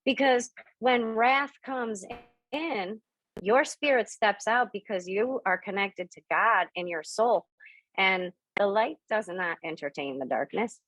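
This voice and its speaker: A woman spiritual medium hosting a members' video call, telling a story with lively acted-out dialogue and then teaching slowly and softly. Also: no room sound, rough recording. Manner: animated storyteller, voice jumps high and fast when acting out excited dialogue; slows down and speaks softly and deliberately when teaching.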